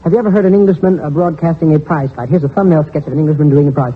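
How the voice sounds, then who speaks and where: A man's voice: fairly high pitch, rapid-fire, few pauses, slight background noise. A male comedian telling folksy jokes in a stand-up set, on a tinny old recording. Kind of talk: stand-up storytelling. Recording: tinny old lo-fi audio with crowd.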